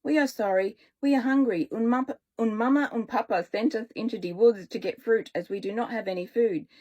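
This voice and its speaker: A young boy with a put-on German accent, speaking earnestly and haltingly, his voice sitting a touch higher than the reader's own, as a woman puts him on. He is a storybook figure from a children's tale read aloud. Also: warm tone, close to an everyday voice.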